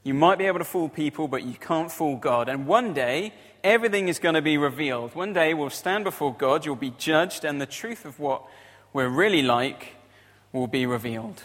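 A man's voice: fairly high pitch, animated, normal speed, fairly bright tone, in a large hall. A man preaching a sermon in a conversational way, often adding tag questions.

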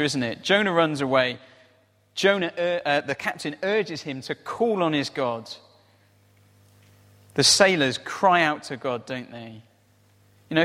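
A man's voice: a little high, a bit bright. A man preaching a conversational sermon, often tossing in rhetorical tag questions. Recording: reverberant hall.

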